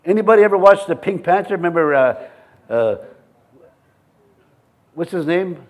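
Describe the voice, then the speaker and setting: A male pastor with a fairly high voice preaches to his congregation in a church. He mixes scripture readings with joking, chuckling asides. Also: animated, moderate pace. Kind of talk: sermon.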